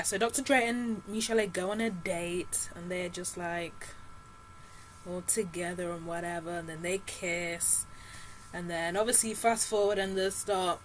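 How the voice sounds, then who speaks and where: A woman's voice: mid-range voice, fairly bright tone, slight background noise, poor audio. A young woman vlogging a casual film review, retelling the story in a chatty, slangy way with lots of fillers and asides. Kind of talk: casual chat.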